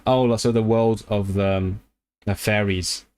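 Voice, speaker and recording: A man with a lowish, smooth voice chats informally on a livestream about learning languages. He reasons aloud with many restarts and sudden bursts of excitement.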